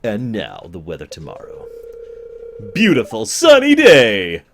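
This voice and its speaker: A man's voice: fairly low pitch, wildly swooping pitch, a little slow, fairly bright tone, heavily acted. A man voicing a cheery male TV weather announcer with an upbeat delivery.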